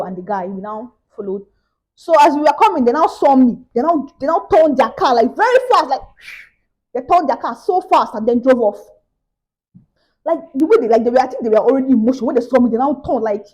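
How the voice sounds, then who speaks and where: A woman's voice: fairly high pitch, animated, fairly quick, darkish tone, breathy edge, rough recording. A young Nigerian woman with a Nigerian accent, telling a story in a casual vlog and acting out the other people's voices. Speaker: vlogger.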